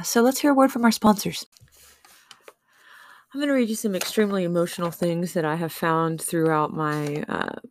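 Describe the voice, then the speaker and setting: Woman, low voice, dry close sound, casual, frank, reads own poems with feeling. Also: dry recording. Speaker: vlogger. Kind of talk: casual monologue reading own poems aloud.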